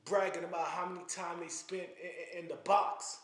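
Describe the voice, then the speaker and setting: A commentary channel host speaks to camera in a fairly high, slightly bright voice at a moderate pace, with little pitch movement. He lectures with impassioned, preachy energy, stammering and restarting on repeated words as he pushes his point. Noticeable room echo suggests a bare space.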